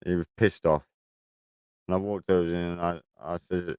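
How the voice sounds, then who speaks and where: A man's voice: low voice, fairly even intonation, a little fast, darkish tone, clean tone, no echo. A man, chatting casually on a livestream from his shed, telling rambling stories full of swearing. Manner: rambling storytelling, heavy swearing. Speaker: livestream host. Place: garden shed.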